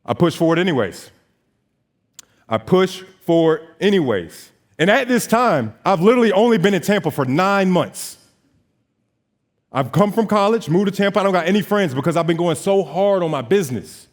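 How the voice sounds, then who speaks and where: Animated young man telling his story. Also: high voice, normal speed. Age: 20s. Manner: animated storytelling, acts out dialogue. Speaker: notary business owner. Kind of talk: motivational stage talk.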